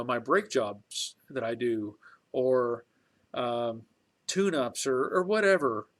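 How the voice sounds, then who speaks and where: A middle-aged man with a mid-range voice hosts a casual live stream from his home garage workshop. He rambles in a folksy way, chuckling and restarting his sentences.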